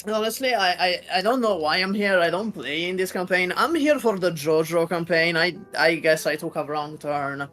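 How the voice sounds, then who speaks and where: A man's voice: sits high, normal speed, hardly any pauses, fairly bright tone, faint music behind. A man playing a tabletop game who jokes around, stammering and hesitant as he talks. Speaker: player. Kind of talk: casual banter before a tabletop game.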